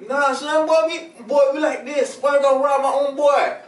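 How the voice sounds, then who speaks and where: A young man playing an excitable burglar with a squeaky voice, full of slangy exclamations in a comedy skit. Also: normal speed. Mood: sheepish. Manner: gleeful exclamations, slangy street talk. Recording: roomy and far from the mic.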